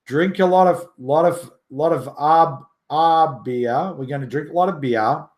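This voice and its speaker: A joking, boastful man chats on his livestream, laughing often and swearing. His voice sits fairly high and he talks at a slow, unhurried pace. The sound bounces around an echoey room. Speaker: livestream host. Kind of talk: casual livestream chat.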